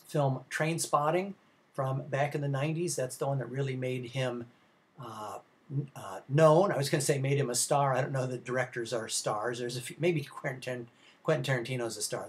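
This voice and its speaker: Male college film lecturer, mid-pitched voice, loose and conversational, full of uhs and restarts as he talks to his class. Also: moderate pace. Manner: rambling, many filler sounds and restarts; conversational, addresses students directly. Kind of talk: recorded slide lecture.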